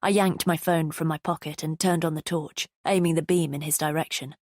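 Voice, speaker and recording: A woman narrating a thriller audiobook in the first person, measured and tense. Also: low voice, fairly even intonation, a little mellow, no echo, clean studio sound.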